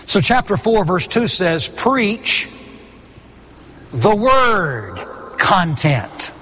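A man's voice: high voice, very animated, drawn-out words, pauses often, pushed and bright, breathy edge. A middle-aged man preaching a sermon, stressing his points by repeating key words. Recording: long hall reverb.

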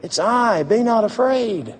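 A man with a high voice delivers an emphatic sermon, hammering on repeated phrases. He sometimes drops his voice low and soft. A long reverb from a large hall trails behind every word. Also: expressive, measured pace, a little hiss or hum. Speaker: preacher.

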